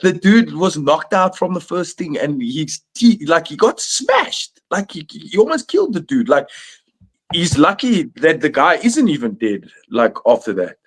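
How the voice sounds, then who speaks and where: A man's voice: a little high, very animated, a little slow. A man on a streamed video call, rambling through his opinions with many likes and restarts. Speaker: podcast panelist. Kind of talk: casual chat.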